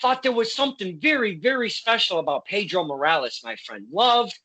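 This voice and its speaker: A man's voice: high-pitched, expressive, a little fast, sharp tone. A man hosting a casual interview, effusive in his praise and reading out viewer questions. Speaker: interview host.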